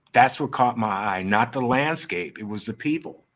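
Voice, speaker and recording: A middle-aged man, a photographer guest on an interview podcast, telling his story in an animated way and acting out the dialogue. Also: medium pitch, normal speed. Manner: animated, acts out quoted dialogue.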